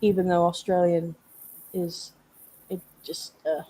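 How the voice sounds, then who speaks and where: A woman's voice: on the low side, level tone, slow, mellow, breathy edge. A woman hosting a live panel chat, talking casually and rambling, often restarting her sentences. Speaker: host.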